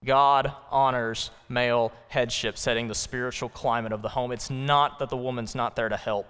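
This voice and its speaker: Resonant preacher in a reverberant church. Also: male voice, mid-range voice, a bit bright, clear, resonant tone. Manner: conversational, emphatic preaching with rhetorical questions. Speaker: pastor. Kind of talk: sermon. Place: church sanctuary. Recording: long church-hall reverb.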